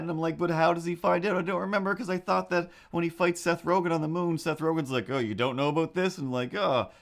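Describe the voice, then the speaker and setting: A man animating on a live stream, chatting casually to viewers in a rambling, easily sidetracked way with excitable asides. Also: a little high. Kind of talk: casual livestream chat while animating.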